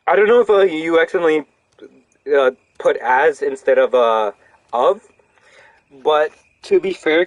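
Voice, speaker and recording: A young man streaming a horror game, rambling casually to chat with animated, profane commentary. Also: a little high, dry recording. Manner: rambling, animated, swears freely. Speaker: gaming streamer.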